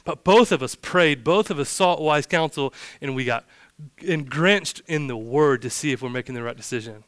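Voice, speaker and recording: Man preaching with a smooth voice. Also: a little high, lively intonation, moderate pace, a bit bright, no echo. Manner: casual, joking asides. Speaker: pastor. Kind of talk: sermon.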